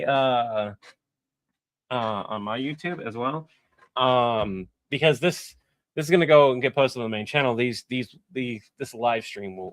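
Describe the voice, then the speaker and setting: A man's voice: medium pitch, fairly bright tone, no room sound. Voice actor guy rambling while he edits, very dry sound, kinda hard on himself. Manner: rambling, self-critical, halting. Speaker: voice actor and video editor. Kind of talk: casual live-stream chat while editing.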